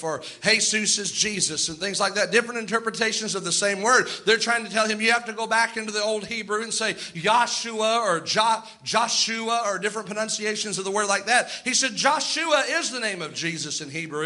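High bright-voiced guy preaching hard, slows way down to hit his points. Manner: emphatic, preaching with quoted asides and slow stressed lines. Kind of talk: sermon.

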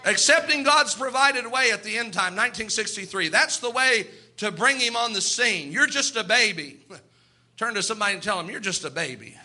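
A man preaches with fervour, acting out the people in his stories as he goes. His voice sits very high and rings with a sharp brightness. It is a sermon through and through. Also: normal speed.

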